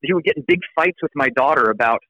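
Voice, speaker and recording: An American man speaks in an animated, conversational way, often restarting and repeating words as he builds a story. His voice sits at an ordinary middle pitch. The recording is dry and a little dull, as if captured over a modest mic. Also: quick pace, no echo. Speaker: law professor, interview guest. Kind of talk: casual storytelling interview.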